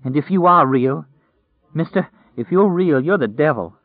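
A man voicing a starving, desperate male prisoner who pleads in a high-strung whine, recorded with a tinny, phone-like sound. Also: lively intonation, moderate pace, no echo. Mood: pleading, terrified.

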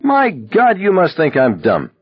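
A man voicing a loud, suspicious young man who shouts and whines indignantly in a slightly muffled recording. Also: low-pitched, big pitch swings, normal speed, husky, heavily acted. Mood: hollering.

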